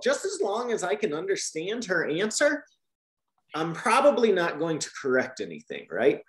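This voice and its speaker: A man's voice: high voice, normal speed, roomy sound. A man explaining teaching methods to trainee teachers in a Q&A, often checking with "right?". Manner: lively, repeats "right?" to check understanding.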